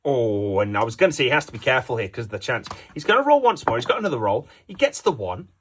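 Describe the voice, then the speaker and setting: A man's voice: mid-range voice, very animated, fast, noisy background. A man giving jokey, playful play-by-play commentary on a dice game as its host.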